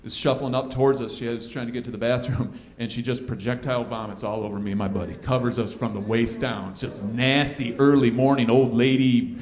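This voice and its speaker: A man's voice: medium pitch, steady tone, brisk, few pauses, darkish tone. A man in his fifties doing a crude, self-deprecating stand-up comedy set on a club stage. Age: 50s. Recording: live club recording, roomy with crowd laughter.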